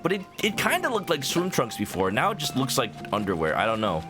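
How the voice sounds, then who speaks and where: A man's voice: medium pitch, wildly swooping pitch, brisk. A man casually commenting while streaming a video game, playful and joking, rambling with little stammers, with game music behind him.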